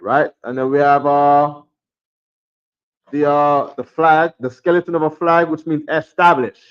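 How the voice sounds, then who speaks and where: Casting: male teacher, slightly high voice, repetitive, keeps asking "right?", lo-fi recording. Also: steady tone, measured pace, smooth. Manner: drops to a mutter when fiddling with the camera. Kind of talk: classroom teaching. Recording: dull lo-fi sound.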